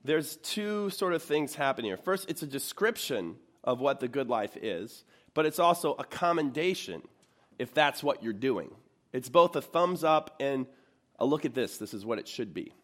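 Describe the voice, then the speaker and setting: A pastor giving a sermon in a church, his voice sitting at an ordinary middle pitch for a man. He talks to the congregation in a relaxed, conversational way and often stops to ask them questions.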